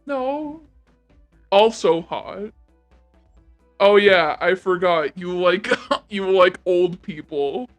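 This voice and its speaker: A woman's voice: fairly low pitch, drawn-out words, pauses often, faint music behind, pitched below the performer's own voice. A woman talking through a voice changer on stream, testing its presets, giggling and teasing. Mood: amused.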